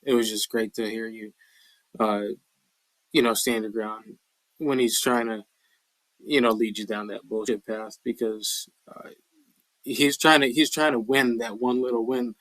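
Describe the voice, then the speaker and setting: A man's voice: mid-range voice, steady tone, unhurried, long pauses, fairly bright tone, no room sound, rough recording. A male caller sounds off bluntly and heatedly, swearing freely. His voice is dry and close, with no room sound. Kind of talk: call-in radio comment.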